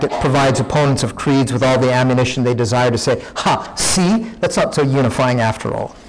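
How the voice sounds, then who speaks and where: A man's voice: mid-range voice, slight background noise, poor audio. A man preaching a sermon, teaching in a conversational way, often restarting his sentences.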